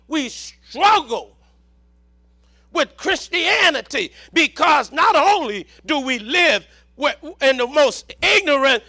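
Southern male preacher, very high gravelly voice, slow shouted sermon delivery. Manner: preaching with shouted emphasis and repeated words.

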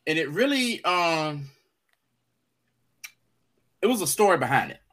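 A man's voice: fairly high pitch, sing-song, unhurried, a bit bright. A man co-hosting a podcast, retelling a story in casual chat and acting out the quotes in raised voices. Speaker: podcast co-host.

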